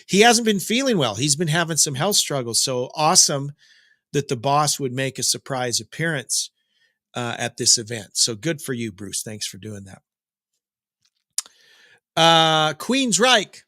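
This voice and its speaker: A man's voice: medium pitch, expressive, a little slow, pushed and bright, no echo, studio quality. A middle-aged man hosting a daily rock news update, chatting casually with jokes and digressions. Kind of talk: casual rambling commentary.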